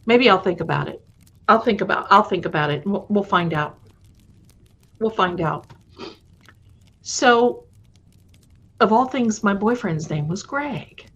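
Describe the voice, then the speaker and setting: A woman host telling her own spooky stories to a live audience in a chatty way, dropping to a hushed voice at tense moments. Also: mid-range voice, animated, a little slow, pauses often, slightly rough. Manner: addresses viewers fondly. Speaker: storytelling host. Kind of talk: casual live storytelling. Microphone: live-stream mic. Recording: dull lo-fi stream audio.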